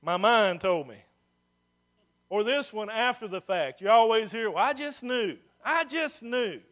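A man preaching a sermon as pastor, folksy and plain-spoken, dropping to a hush and rising to loud emphasis. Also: sits high, animated, a little slow. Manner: swings from hushed to loud and emphatic.

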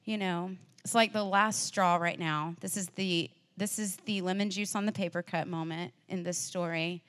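A woman's voice: fairly low pitch, steady tone, normal speed, fairly bright tone. A woman preaching a sermon in an earnest, conversational way, acting out the feelings of the people in the story. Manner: earnest, acts out the disciples' and Mary's feelings in quoted voices; conversational, with fillers and restarts.

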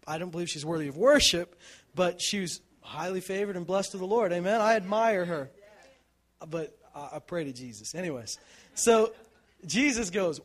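A man's voice: high voice, moderate pace. A male pastor preaching a sermon in a conversational storytelling way, acting out the people in the story and often asking "right?". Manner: animated storytelling, acts out quotes, shouts for emphasis.

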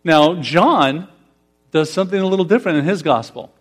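A man's voice: fairly high pitch, normal speed, soft background music. A pastor preaching a conversational sermon, putting questions to his congregation. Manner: conversational, asks the congregation questions, laughs often.

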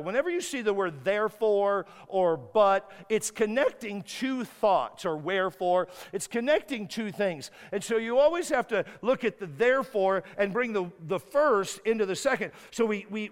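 A man's voice: high voice, animated, normal speed, few pauses, clean tone. A man preaching a sermon with emphatic repetition, now and then acting out a prayer. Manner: emphatic, repeats words and restarts, acts out prayers. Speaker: guest preacher. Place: church sanctuary. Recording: long hall reverb.

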